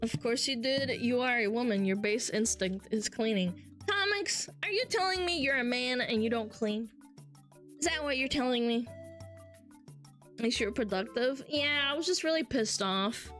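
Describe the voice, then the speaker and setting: A woman's voice: on the high side, animated, moderate pace, fairly bright tone, faint music behind. A woman streamer chatting casually with her live chat, brash and swearing freely as she reads messages aloud.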